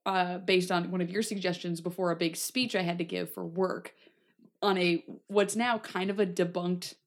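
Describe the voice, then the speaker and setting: A woman's voice: on the low side, steady tone, normal speed. Young woman, podcast co-host, casual chat, playful, acts out quotes. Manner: chatty, acts out quoted voices.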